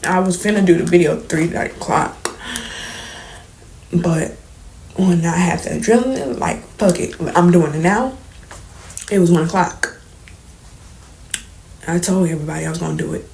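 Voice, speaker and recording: A young woman tells a painful story to her viewers, her voice soft and shaky as she fights back tears. Her tone sits fairly low, with a gravelly edge, and it often falls to a near whisper. A faint hiss runs underneath. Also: moderate pace, long pauses, low-quality recording. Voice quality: soft, trembling at times, drops to near whispers. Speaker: vlogger. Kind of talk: emotional storytime confession. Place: indoors, late at night.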